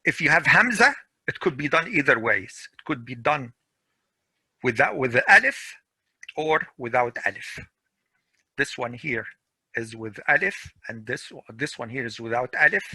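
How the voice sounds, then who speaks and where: A middle-aged man teaching a grammar class over a video call, repeating each example slowly and patiently. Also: medium pitch, expressive, bright, forceful tone, breathy edge, no room sound. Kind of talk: online class lecture.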